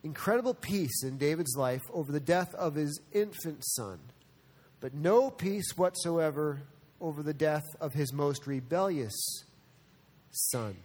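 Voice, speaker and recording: High-voiced man preaching a sermon. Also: unhurried, in a large hall. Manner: earnest, shifts between soft and animated. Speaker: pastor.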